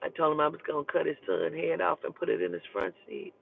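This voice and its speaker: A woman's voice: low-pitched, fast, vocal fry, slight background noise. A woman telling a personal story in casual, profane speech, acting out the people in it as she goes. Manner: profane, animated, acts out the people in her story. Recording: tinny phone-like sound, dry.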